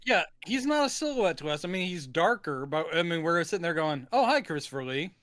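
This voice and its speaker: A man's voice: on the high side, expressive, a little fast, a bit bright, no echo, clean studio sound. A man co-hosting a podcast in casual chat, joking and playful as he talks about a film. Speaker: podcast co-host.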